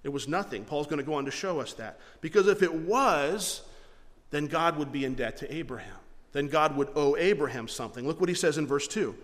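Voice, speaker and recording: A man preaching to his congregation, his fairly high voice carrying through a church hall with a long reverb. He teaches earnestly, posing rhetorical questions and circling back over his words. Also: lively intonation, brisk. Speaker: pastor. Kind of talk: sermon.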